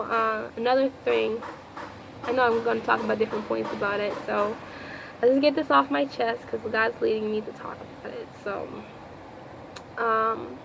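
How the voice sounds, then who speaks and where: Raspy-voiced woman vlogger, rambling. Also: a little high, background noise. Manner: rambling, repeats herself, talks to the Lord aloud. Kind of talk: casual storytelling vlog.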